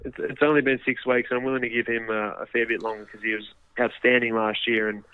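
Man, rapid speech, phone-line sound, hedging, filler-heavy radio guest. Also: mid-range voice, little pitch movement, smooth, no room sound. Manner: hedging, many fillers and restarts. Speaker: guest football journalist. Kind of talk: casual radio chat.

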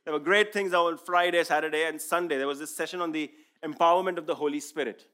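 A man's voice: a little high, steady tone, fast talker, bright, forceful tone. A man whose first language is Urdu, giving an earnest, emphatic sermon testimony as a preacher.

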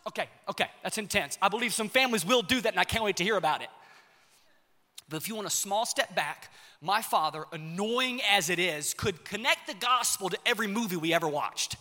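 A young man preaching a sermon with passion, swinging between shouts and hushed, quiet lines. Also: high voice, expressive, brisk. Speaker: pastor. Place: church auditorium. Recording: long reverb of a large hall.

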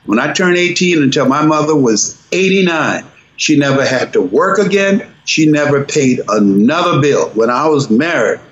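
A man's voice: a little high, lively intonation, moderate pace, reverberant. An older man being interviewed as a guest speaker, telling a personal story with dramatic shifts of voice. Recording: dull lo-fi sound with faint noise.

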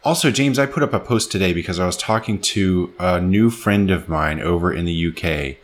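A man's voice: low voice, moderate pace. A man co-hosting a podcast in casual chat, upbeat and chatty, laughing easily. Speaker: podcast co-host.

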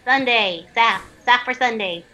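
A woman's voice: on the high side, pushed and bright, highs cut off. A woman reading a menu aloud in a casual group, amused and drawing her words out. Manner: drawn-out, amused reading with laughter.

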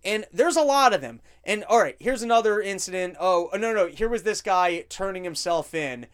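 A man's voice: sits high, animated, moderate pace, clear, resonant tone. A man hosting a podcast, commenting on video clips in a crude, joking, rambling way. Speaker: podcast host.

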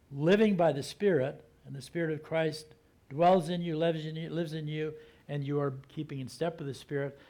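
A man preaching a sermon like he is telling a story to friends, acting out the people in it. His voice sits a little high for a man. He often slows down and drops to a soft, hushed tone to drive a point home. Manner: conversational storytelling, acting out quotes. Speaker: pastor.

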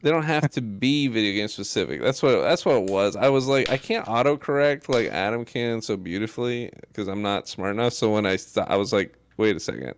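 A man co-hosting a gaming podcast in casual chat, playful and animated, often trailing off and restarting mid-sentence. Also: on the low side, a little fast, hardly any pauses, smooth. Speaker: podcast co-host.

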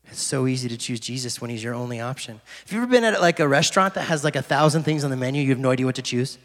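A man's voice: mid-range voice, expressive, racing. A young adult man giving a casual, conversational youth sermon as a pastor. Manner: casual, conversational preaching with fillers. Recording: loud piano music underneath. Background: soft piano music.

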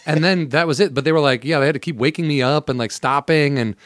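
A man's voice: fast, no room sound, clean studio sound. A man co-hosting a podcast in casual chat, telling anecdotes animatedly with laughter. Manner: animated, laughing, jumps into high-pitched mimicry. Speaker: podcast co-host.

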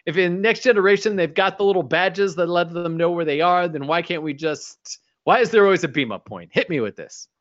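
A man co-hosting a podcast, recapping an episode in casual chat, rambling and dropping into quick impressions. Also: high voice, fairly bright tone. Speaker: podcast co-host. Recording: dull lo-fi audio.

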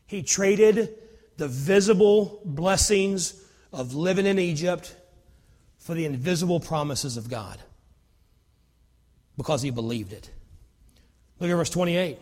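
A man preaching a sermon, telling Bible stories in an animated way, acting out dialogue and repeating himself. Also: on the high side, big-room sound. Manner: animated storytelling with acted dialogue and repetitions.

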